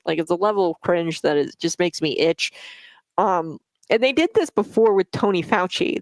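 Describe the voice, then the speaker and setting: A woman's voice: fairly low pitch, no room sound. A woman hosting a talk radio show, giving blunt, opinionated commentary with frequent fillers and restarts, on a studio microphone.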